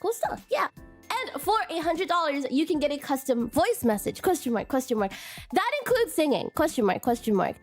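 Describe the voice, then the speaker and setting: A young woman with a high, sing-song voice hosts a live stream at normal speed, soft music playing behind her. She's bubbly but nervous, stumbling over and repeating words and tacking a cute "question mark" onto her sentences in casual chat. Her voice sounds strained from a recent illness.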